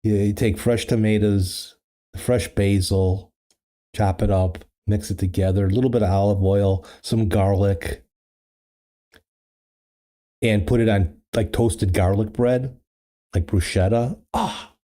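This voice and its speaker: Man, casual livestream host, low pitch, very dark tone, rambling talk, studio mic. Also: fairly even intonation, measured pace, pauses often. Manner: rambling, with many fillers and restarts. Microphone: studio microphone.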